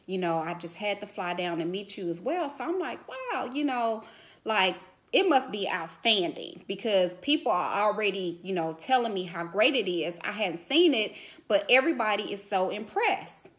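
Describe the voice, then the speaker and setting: A middle-aged woman vlogger telling a personal story to camera in a casual, animated way, full of "you know" fillers and growing emotional. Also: mid-range voice, normal speed.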